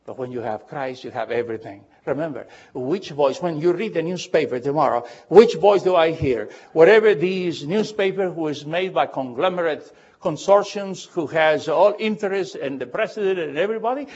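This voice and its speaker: A middle-aged man preaching a sermon as pastor in a church auditorium, swinging from hushed pleas to fervent shouts. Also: on the high side, lively intonation, normal speed, lo-fi sound.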